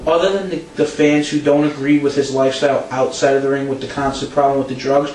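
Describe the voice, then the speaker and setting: A young man co-hosting a casual wrestling recap, an animated storyteller who acts out quotes. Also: medium pitch, fast talker. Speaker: podcast co-host. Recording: echoey room, distant mic, faint hum.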